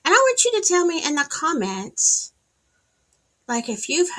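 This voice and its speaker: A woman's voice: high voice, huge pitch swings, measured pace, fairly bright tone. A woman with a Southern US accent hosting a casual livestream, chatting and greeting viewers by name with sassy asides. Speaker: livestream host. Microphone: streaming setup, wired in.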